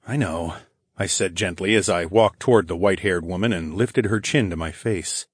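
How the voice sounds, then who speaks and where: Husky, low-voiced male audiobook narrator. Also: brisk, no room sound, studio quality. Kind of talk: first-person fantasy audiobook narration.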